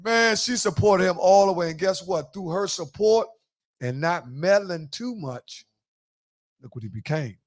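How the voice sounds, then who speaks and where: A man's voice: high voice, lively intonation, unhurried. A man hosting a podcast in a casual chat, telling loose, profane stories and acting out quotes. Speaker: podcast host.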